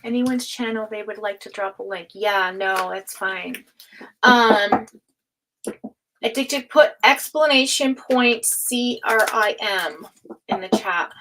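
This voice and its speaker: A woman hosting a live tarot stream, chatting casually with viewers, laughing often and speaking of energy and higher self. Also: takes it slowly, fairly bright tone, a little hiss or hum, low-quality recording. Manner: chatty, reads out chat names and laughs often.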